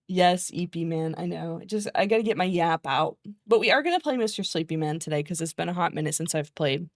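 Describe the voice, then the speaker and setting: A woman streamer chatting casually with her viewers. She rants in an animated way, swears freely, laughs often and mocks the people she is quoting. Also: on the low side, normal speed, no echo, studio quality. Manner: exasperated, mocking quoted voices.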